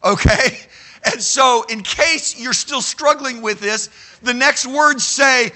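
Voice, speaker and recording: Very high-pitched and taking it slowly, a man teaches a sermon to a live audience as a Bible teacher. His delivery is animated and emphatic, with frequent "okay?" check-ins and the occasional shouted phrase.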